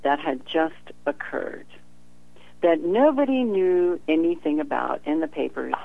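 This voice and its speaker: Low gravelly woman on a phone line. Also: unhurried, no room sound. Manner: animated storyteller, acts out quoted dialogue with frequent laughter. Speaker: professional psychic, guest. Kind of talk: telling a personal story in an interview. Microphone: telephone.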